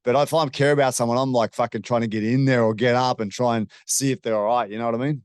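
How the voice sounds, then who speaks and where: Male host, smooth clear voice, dry sound, blunt and sweary in casual chat. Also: medium pitch, steady tone, fast talker, darkish tone, no room sound. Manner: blunt, opinionated, swears freely.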